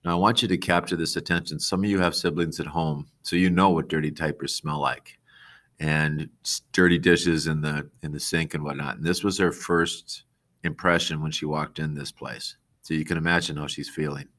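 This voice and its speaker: Deep-voiced guy reading a book to his class, bright edge, stops to explain stuff. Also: steady tone, moderate pace. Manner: plain read-aloud with asides to the class. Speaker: teacher. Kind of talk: reading a novel aloud to students.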